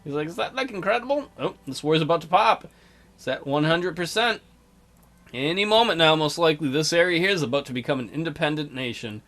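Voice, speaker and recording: A man's voice: fairly high pitch, a little fast, fairly bright tone. A man hosting a strategy game let's play with casual, crude, joking commentary.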